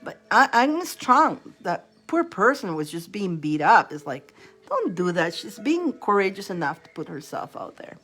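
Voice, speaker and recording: A woman's voice: medium pitch, normal speed, breathy edge, faint music behind. A woman tarot reader chatting casually to her livestream viewers, telling stories with lots of laughter and acted-out quotes. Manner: animated storytelling, laughs often, acts out quotes. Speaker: tarot reader hosting a live stream.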